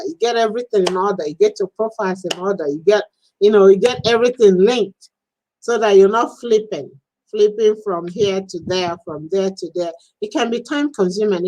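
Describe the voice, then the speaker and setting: A woman coaches her audience on a live stream, speaking in a mid-range voice. She is chatty and animated, laughing often as she acts out little quoted scenes. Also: medium pitch, low-quality recording. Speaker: business and social media coach.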